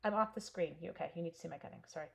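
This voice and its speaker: A woman's voice: lowish voice, very fast, vocal fry, a bit bright. A woman in her forties from Canada hosting a casual live stamping stream, telling a long story while cutting paper and answering viewers by name.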